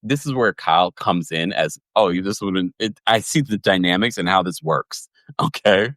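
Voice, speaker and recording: A man hosting a livestream podcast recap, chatty and animated, laughing often and reading viewers' comments. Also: low-pitched, moderate pace, no echo. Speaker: podcast host recapping reality TV.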